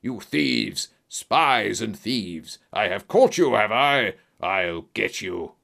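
A man's voice: mid-range voice, measured pace, gravelly, fairly bright tone, exaggerated voice. A man voicing a fat, burly, villainous man in an audiobook, shrieking accusations. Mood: furious.

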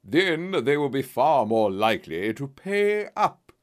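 Slow sly blackmailer guy , a man doing the voice, pitch swoops up and down, mock-sorry tone. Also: big pitch swings. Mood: menacing. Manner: slow, mocking and falsely sorrowful. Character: smooth, menacing middle-aged male blackmailer. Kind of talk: storybook reading.

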